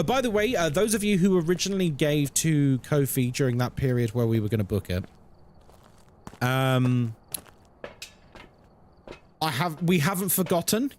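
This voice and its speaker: A streamer in his thirties keeps up an easy, playful chat with his audience. His voice rides slightly high and leaps around expressively. He greets people by name and jokes as he goes. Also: a little mellow, slight background noise. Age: 30s. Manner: chatty, playful, reads and answers chat. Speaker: live-streamer. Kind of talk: casual live-stream chat with viewers.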